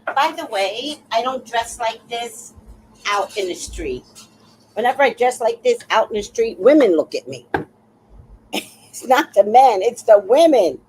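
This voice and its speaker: A livestream host in her sixties tells stories with plenty of laughter and an occasional swear word, chatting in a casual, animated way. Her fairly high-pitched voice is unhurried. The audio is poor, with a little hiss or hum.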